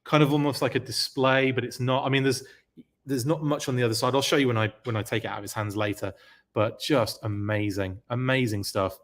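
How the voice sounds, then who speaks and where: Male host, excitable live-stream presenter, chatty with lots of fillers. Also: mid-range voice, a little fast, slight background noise. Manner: excited, gushing; chatty, many fillers and restarts. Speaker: podcast host. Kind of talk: live-stream show-and-tell, reading viewer comments.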